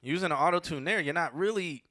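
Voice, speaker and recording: A man co-hosting a show, reviewing submitted songs with blunt, animated critique that often trails off mid-sentence. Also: fairly high pitch, fast talker, no echo, studio quality. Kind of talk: casual music review chat.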